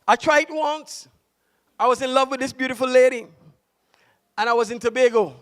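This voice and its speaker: A pastor preaching a passionate sermon, mixing stories with shouted exhortation. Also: male voice, very high voice, normal speed, long pauses. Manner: impassioned, shouting preaching with storytelling.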